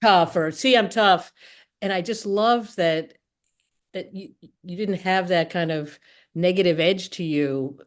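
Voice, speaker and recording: A woman's voice: lowish voice, unhurried. A woman hosting an interview, chatting casually with many fillers and easy laughter. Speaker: podcast host.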